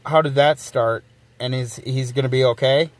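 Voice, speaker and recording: A man's voice: mid-range voice, steady tone, normal speed, no echo. Rambling, swearing livestream guy. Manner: rambling, swears freely, reads chat aloud. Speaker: livestream host. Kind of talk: casual livestream chat.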